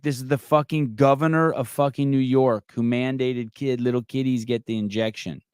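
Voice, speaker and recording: A man's voice: mid-range voice, steady tone, normal speed, few pauses, darkish tone, clean tone, dry recording, studio quality. A middle-aged man hosting a live call-in podcast, brash, mocking and profane in casual chat. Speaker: podcast host.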